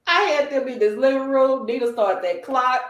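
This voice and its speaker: A woman guest, a mother of twin boys, chatting casually and telling playful, expressive stories. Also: high voice, normal speed, lo-fi sound. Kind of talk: casual chat. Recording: roomy echo.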